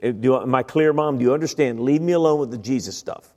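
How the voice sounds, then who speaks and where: A man's voice: mid-range voice, fast, darkish tone, in a large hall. A middle-aged man preaching a humorous sermon, telling his story with stammering impressions and self-deprecating jokes. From Italian-American family. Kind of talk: humorous sermon with acted-out voices. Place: large church sanctuary.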